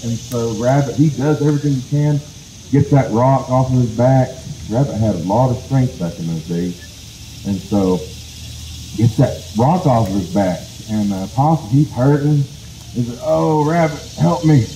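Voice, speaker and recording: A man's voice: mid-range voice, normal speed, dark tone. A man from the Cherokee Nation telling a folk tale live, casual and conversational, at an outdoor festival. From United States, Cherokee Nation. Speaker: storyteller. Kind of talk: live oral storytelling. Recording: echoey with faint noise.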